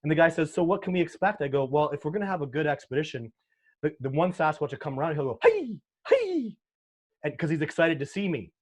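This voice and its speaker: A Canadian man with a fairly high voice speaks quickly in a casual interview as a sasquatch researcher. He tells his stories earnestly and with emotion, often restarting his sentences.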